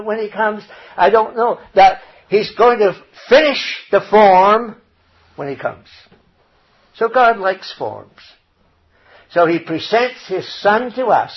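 Preacher, male, husky, slightly high-pitched; dull lo-fi sermon recording. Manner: emphatic, rising loud on scripture quotes.

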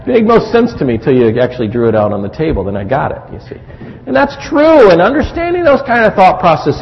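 A middle-aged man preaches in an animated, chatty way, asking the congregation questions as he goes. His voice sits fairly high with a gravelly edge. It is a dull, lo-fi recording with a long reverb from a large hall and faint noise underneath. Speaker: pastor. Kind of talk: sermon on marriage.

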